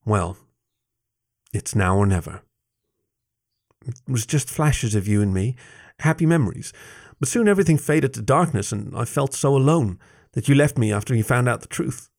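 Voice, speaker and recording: A man's voice: mid-range voice, lively intonation, normal speed, vocal fry, long pauses, darkish tone, no echo, studio quality, voice pushed up. A man reading aloud, voicing a young male furry animal who is anxious and lovesick, his voice lifted and shaky with emotion. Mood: halting, upset.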